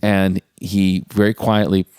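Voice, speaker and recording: Low-voiced man recapping a film. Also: little pitch movement, measured pace, darkish tone, clean tone, dry recording, clean studio sound. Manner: retells scenes by acting out characters' lines in raised voices. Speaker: podcast co-host. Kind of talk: casual movie recap chat.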